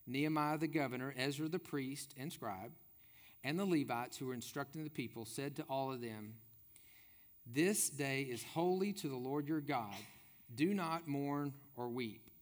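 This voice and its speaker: A man preaching a sermon as pastor, reading scripture and adding folksy, humorous asides. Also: medium pitch.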